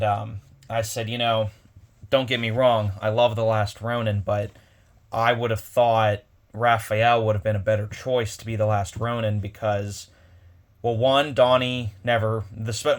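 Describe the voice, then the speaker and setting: A man casually retelling a convention story on his vlog, rambling with many restarts. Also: lowish voice. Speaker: comic collector vlogger.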